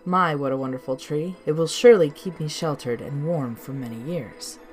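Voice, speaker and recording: Stubborn village man, low and dismissive; woman narrator voices him. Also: normal speed, soft background music, lightly acted. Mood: eager.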